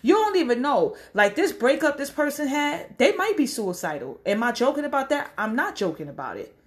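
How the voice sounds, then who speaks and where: Blunt, animated woman ranting profanely. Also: high voice, brisk. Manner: blunt, profane, preachy advice with acted-out quotes. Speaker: social media commentator. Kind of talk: casual direct-to-camera rant.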